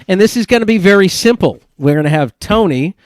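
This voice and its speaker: Male comedy podcast host, playful and profane, higher voice with a lively swing. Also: a little fast, no room sound, clean studio sound. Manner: playful, swears freely, runs a game. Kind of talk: casual comedy chat.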